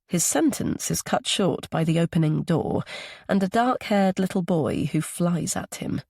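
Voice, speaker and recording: A man narrating an audiobook thriller in a steady, even storytelling voice. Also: on the high side, measured pace, vocal fry, breathy edge, dry recording, studio quality. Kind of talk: scripted narration.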